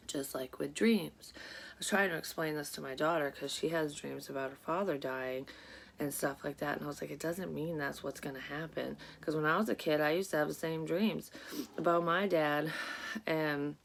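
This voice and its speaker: Low-pitched and creaky, a woman speaks at normal speed. She's a psychic vlogger in her thirties having a casual chat, rambling and profane with plenty of fillers, her voice congested and a little sleepy.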